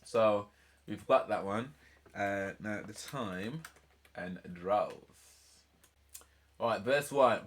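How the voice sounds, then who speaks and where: A man's voice: lowish voice, takes it slowly, long pauses. A man hosting a casual album reaction, talking in a chatty, rambling way and laughing often. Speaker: music reaction channel host.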